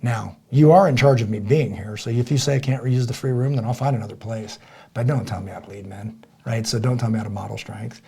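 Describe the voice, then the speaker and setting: A man with a gravelly, husky voice co-hosts a casual podcast. He tells stories with energy and acts out the lines he quotes. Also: medium pitch, fairly quick. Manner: animated storyteller, acts out quoted dialogue loudly. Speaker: podcast co-host.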